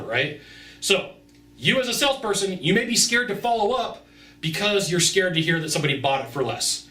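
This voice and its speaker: A man's voice: sits high, very animated, brisk, bright, forceful tone, echoey room, far from the mic. A man giving brash, emphatic sales advice straight to the viewer in a vlog. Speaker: sales consultant. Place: outdoors.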